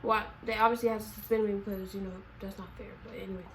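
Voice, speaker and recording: A woman vlogger telling a casual storytime in a slangy, animated way. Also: medium pitch, fast talker, slight background noise, poor audio.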